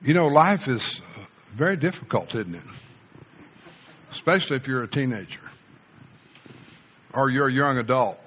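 A man's voice: mid-range voice, animated, moderate pace, long pauses, a bit bright. A male pastor preaching a sermon as a personal story, in a storytelling style that acts out the quoted voices. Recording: reverberant hall.

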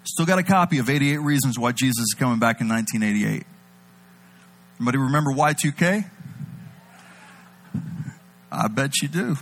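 A man preaching a sermon, animated, swinging between loud emphatic bursts and low intimate delivery. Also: moderate pace, long pauses, a little hiss or hum, rough recording.

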